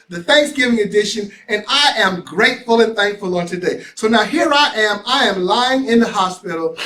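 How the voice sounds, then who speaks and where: Preacherly middle-aged man with a high voice. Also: a bit bright. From United States. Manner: preacherly, repetitive, emphatic delivery. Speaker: host. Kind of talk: motivational talk.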